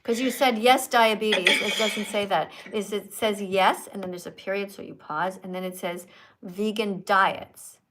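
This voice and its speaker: A woman's voice: medium pitch, fairly quick, hardly any pauses, a bit bright, a little hiss or hum. A woman hosting a livestream, lecturing her viewers in an emphatic, preachy, teacherly way. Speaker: livestream host and vegan activist.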